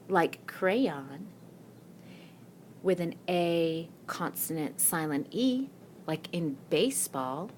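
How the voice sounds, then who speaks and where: A woman teacher works through a spelling lesson at a slow, patient pace, asking her class questions and then answering them herself. Her voice sits a little low, but it rises and falls a lot as she explains each word. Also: a little mellow, slight background noise. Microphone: screen-recording mic.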